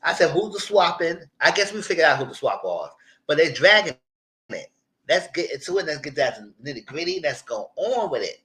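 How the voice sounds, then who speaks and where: A young man hosting a casual live TV recap, animated and slipping into the voices of the people he quotes. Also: fairly high pitch, fairly quick, roomy sound, rough recording. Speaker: YouTube TV recap host.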